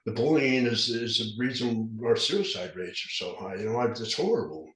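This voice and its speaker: A man's voice: lowish voice, expressive, moderate pace, a bit bright. A man of about fifty from southern Utah, a recovery specialist, speaks as a podcast guest. He has a slight lisp from dentures and talks in an earnest, rambling way with many restarts. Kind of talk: candid storytelling in an interview. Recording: roomy echo.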